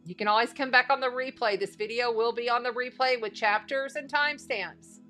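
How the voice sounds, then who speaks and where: A woman's voice: a little high, a little fast, bright, forceful tone, faint music behind. A woman giving a casual spiritual tarot and astrology reading, chatty and folksy, repeating phrases for emphasis.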